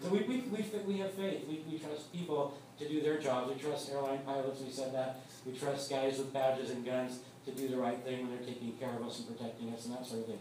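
A man's voice: medium pitch, fairly even intonation, fairly quick, a little mellow, a little hiss or hum. A man preaching a sermon as pastor, speaking in a conversational way and often repeating words as he starts a thought. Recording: echoey room, from far off.

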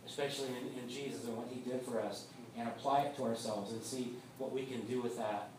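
Conversational male pastor, mid-pitched, recorded far from the mic in a very echoey church hall. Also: fairly even intonation, brisk, a little mellow, slight background noise. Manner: conversational, repeats words when starting a thought. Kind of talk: sermon.

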